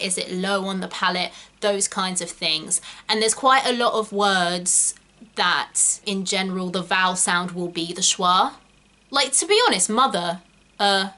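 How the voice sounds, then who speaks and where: A young woman from Britain with a non-rhotic English accent talks through a casual video lesson as an acting teacher. Her voice is bright and a little sharp. She rambles into tangents and stops to correct herself mid-sentence. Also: medium pitch. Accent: British English, non-rhotic.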